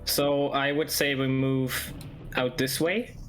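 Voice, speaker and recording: A man chats at a tabletop game in a blunt, casual way and swears freely. His voice is at a mid pitch, and keyboard typing and faint music sound in the background. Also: little pitch movement, takes it slowly, a bit bright. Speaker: player. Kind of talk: casual in-character play.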